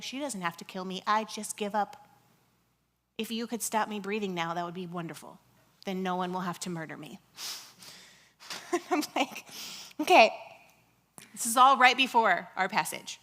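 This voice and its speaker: Animated woman preaching, bright and high. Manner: animated, acts out quotes, laughs often. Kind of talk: lively sermon storytelling. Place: church.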